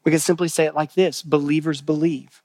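A pastor preaching a sermon, earnest, repeating phrases for emphasis and asking the listeners questions. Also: male voice, fairly high pitch, level tone, a little fast, darkish tone, no room sound.

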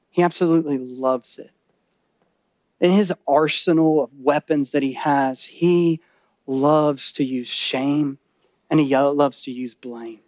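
High-voiced man preaching, dry close sound. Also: no echo. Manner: animated, acts out voices and quotes for illustration; drops to a low, serious tone for warnings. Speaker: pastor. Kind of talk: sermon. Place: church.

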